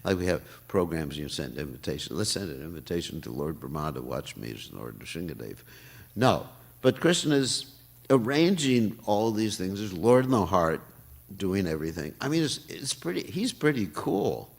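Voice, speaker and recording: An older man gives a morning class in a low, gravelly voice. He talks in a lively, swinging way, laughing often as he explains. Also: normal speed. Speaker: temple class speaker. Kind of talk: sermon. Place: temple hall.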